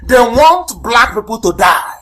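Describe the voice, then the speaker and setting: A Nigerian-accented man delivers a heated live radio address. He hammers points home by repeating words. His voice jumps from loud outbursts to low, muttered asides. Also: sing-song, measured pace, low-quality recording. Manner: fiery, denouncing, emphatic repetition. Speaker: political leader broadcasting on radio.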